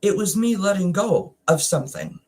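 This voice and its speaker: A Canadian woman who hosts a wellness channel talks casually and emotionally about something she went through, often halting and restarting, sometimes nearly in tears. Her voice is medium in pitch, dark and husky, with lively intonation.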